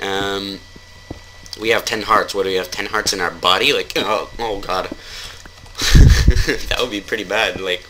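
A man's voice: low voice, noisy background. A man giving casual let's-play commentary while he plays, rambling and joking, then taking his jokes back. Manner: rambling, jokey, keeps taking things back. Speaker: gamer.

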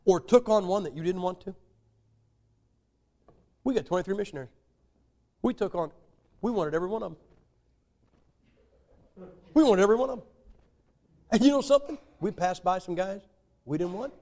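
An older American man preaching a sermon with a noticeably high-pitched voice. His delivery is folksy and joking, full of emphatic rises as he drives his points home. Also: animated, normal speed, long pauses, darkish tone. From United States.

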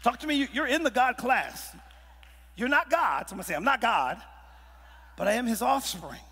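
A man's voice: extremely high pitch, big pitch swings, moderate pace, pushed and bright, slightly rough, big-room sound. A man preaching a call-and-response sermon, prompting the congregation and repeating phrases for emphasis. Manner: preaching with frequent crowd prompts, emphatic repetitions. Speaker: pastor. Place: church sanctuary.

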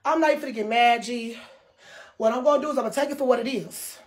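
A woman's voice: on the high side, fast. A woman livestreamer ranting to her viewers, profane and heated. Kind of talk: livestream rant.

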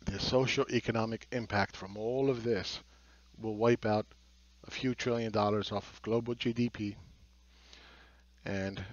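A man's voice: fairly low pitch, fairly even intonation, a little slow, no room sound. Man, blunt market commentary, sarcastic, swears, dry close sound, a bit dull. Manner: blunt, sarcastic, swears, mocks others in put-on voices. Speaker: market analyst.

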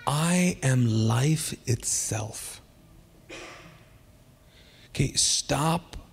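A man preaching a sermon as pastor, lively and chatty, acting out funny stories with sudden loud bursts. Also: on the high side, long reverb tail. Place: church sanctuary.

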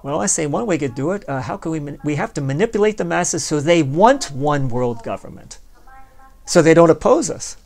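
A man's voice: a little high, expressive, moderate pace, vocal fry, darkish tone. A man hosting a podcast, delivering a rambling, sardonic philosophical monologue and speaking straight to the listener. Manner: sardonic, plays both sides of an imagined dialogue; rambling, conversational, addresses the listener directly. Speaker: podcast host.

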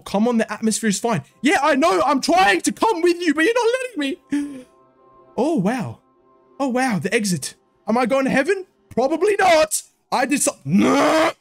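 A young man giving panicky, swearing commentary while playing horror games, jumping between fear and mocking jokes. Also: very high-pitched. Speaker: gaming video creator.

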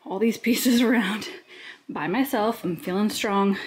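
A woman's voice: medium pitch, measured pace, darkish tone. A woman in her thirties vlogging casually while moving house, chatty, out of breath and laughing often. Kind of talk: casual vlog chat.

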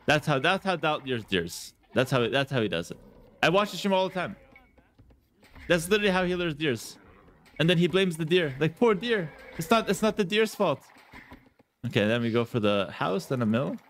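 A man's voice: medium pitch, animated, moderate pace, fairly bright tone. A man giving casual, playful commentary while playing a strategy game, talking to his viewers and repeating words as he thinks. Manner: playful, chatty, addresses viewers as guys. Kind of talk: casual live gameplay commentary.

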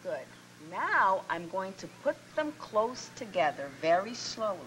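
A woman's voice: mid-range voice, very animated, measured pace, a bit bright, slight background noise. A woman explaining things patiently, with a little stammer.

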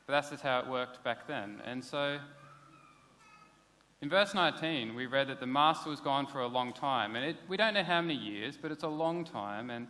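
Man, pastor, conversational sermon, bright voice, reverberant hall. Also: medium pitch, lively intonation, normal speed. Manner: conversational, plain-spoken preaching with casual asides. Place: church hall.

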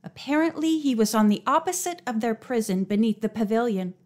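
A woman narrates a mystery story aloud in a slightly high voice. Her reading is scripted and expressive. She lifts her pitch when characters speak. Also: brisk. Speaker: audiobook narrator.

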